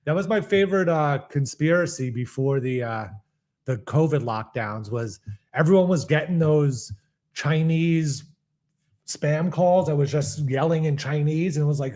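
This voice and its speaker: A New York–accented man co-hosts a live comedy podcast in a slightly high, slightly mellow voice, talking a bit slowly. He keeps things relaxed and rambling, filling the casual comedic banter with lots of fillers.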